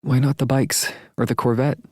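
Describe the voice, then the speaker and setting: A man voicing a warm, teasing young woman who speaks in a playful, insistent way in an audiobook. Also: mid-range voice, flat delivery, moderate pace, no echo, clean studio sound, voice pushed up, lightly acted.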